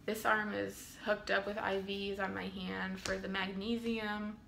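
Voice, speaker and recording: A woman's voice: medium pitch, level tone, measured pace, creaky, a bit bright, slight background noise. A woman in her twenties earnestly telling her own birth story at home, with frequent ums. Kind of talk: casual storytelling to camera. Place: home room.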